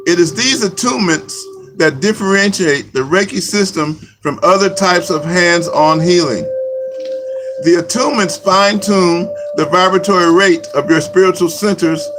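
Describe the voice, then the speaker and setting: A man giving a slow, repetitive spiritual teaching talk as a Reiki teacher. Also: sits high, poor audio. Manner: slow, repetitive, chant-like phrasing. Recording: music playing behind.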